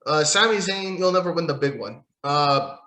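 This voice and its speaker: Man, podcast host, profane, sarcastic, rambling, losing his voice, fairly high voice. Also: expressive, normal speed, bright, forceful tone, echoey room. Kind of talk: solo wrestling podcast rant.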